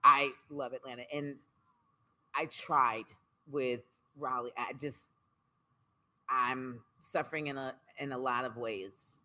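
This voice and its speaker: Woman poet talking frank in an interview, bright voice, repeats stuff for punch. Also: a bass voice, slow pace, long pauses. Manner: expressive, emphatic, repeats phrases for rhythm. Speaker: guest, spoken word poet. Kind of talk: candid conversational interview.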